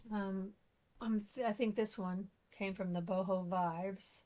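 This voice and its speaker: A woman's voice: medium pitch, steady tone, slow pace, darkish tone. A middle-aged woman, chatting casually and rambling as she shows her craft supplies. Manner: chatty, rambling, thinks aloud. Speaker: craft vlogger. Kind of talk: casual show-and-tell chat.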